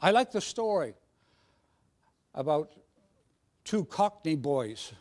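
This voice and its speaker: A man's voice: on the high side, sing-song, slow, darkish tone. A man preaching a sermon in a jovial, conversational way with frequent restarts. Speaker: guest preacher.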